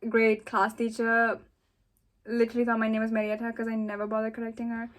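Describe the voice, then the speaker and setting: A high-pitched young woman from the United Arab Emirates chats on a casual podcast. She keeps the banter light and teasing. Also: monotone, a little fast. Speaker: podcast co-host. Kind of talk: casual chat.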